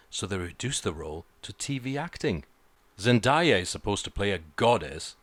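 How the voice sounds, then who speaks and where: A man's voice: on the low side, no room sound. A man giving an opinionated film review, blunt and sarcastic, swearing freely.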